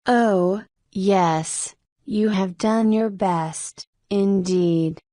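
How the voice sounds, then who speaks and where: A woman reading an outraged pompous gentleman. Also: medium pitch, extremely slow, no room sound, studio quality. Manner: indignant, shouting. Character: enraged pompous middle-aged male client.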